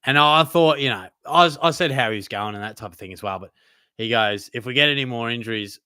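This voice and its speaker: A young Australian man hosts a live Q&A and reads chat questions aloud in loose, easygoing banter full of "mate". His voice is bright and crisp, and the recording sounds dry and close. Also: mid-range voice, steady tone, fast, no echo. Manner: casual, laid-back banter with frequent mates and fillers. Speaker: host.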